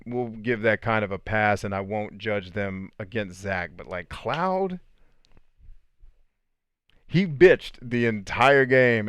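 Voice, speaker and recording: A man hosting a casual livestream, chatting with viewers in an animated, joking way and swearing freely. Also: on the low side, clean tone, no echo, clean studio sound. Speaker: podcast host answering live chat.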